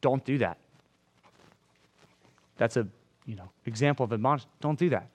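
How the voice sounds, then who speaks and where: A man's voice: medium pitch, lively intonation, moderate pace. A man preaching a sermon to a congregation in a room, talking conversationally, checking in with "right?" and acting out quoted lines in changed voices. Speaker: pastor.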